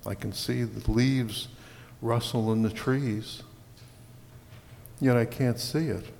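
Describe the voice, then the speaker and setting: A man preaching a sermon as pastor, slow and deliberate, swelling louder on key words. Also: mid-range voice, fairly even intonation, vocal fry, long reverb tail, a little hiss or hum.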